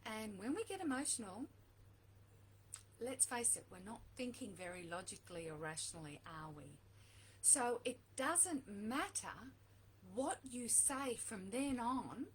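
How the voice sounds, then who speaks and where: A woman's voice: on the high side, slightly rough, rough recording. A middle-aged woman coaching viewers on relationships, talking earnestly and repeating her key points for emphasis. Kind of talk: direct-to-camera advice talk.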